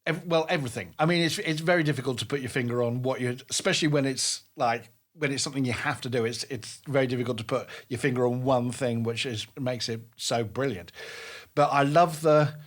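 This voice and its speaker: A man in his fifties talks through his acting life in a relaxed interview. He is emphatic and animated, often restarting his sentences as he goes. His voice sits at an ordinary middle pitch. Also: fairly quick. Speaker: drama tutor and guest. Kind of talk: casual interview storytelling.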